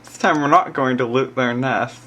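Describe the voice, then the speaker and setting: A woman playing through an adventure game, reading its text aloud between relaxed murmured fillers. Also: extremely low pitch, moderate pace, slight background noise. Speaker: let's play player.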